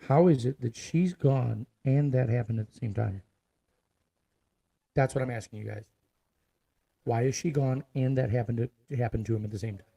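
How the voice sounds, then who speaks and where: Man ranting on camera, swears freely, hammers points through repetition, dark tone. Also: mid-range voice, gravelly, breathy edge, poor audio. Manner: profane, forceful, repeats himself for emphasis. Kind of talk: ranting video monologue.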